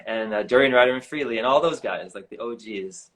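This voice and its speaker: A man in his forties telling a personal story in an earnest, animated way, often saying "like", recorded over a live video stream. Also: mid-range voice, a little fast, low-quality recording. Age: 40s. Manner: earnest, animated, heavy use of "like". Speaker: guest. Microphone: live video stream on a phone or computer.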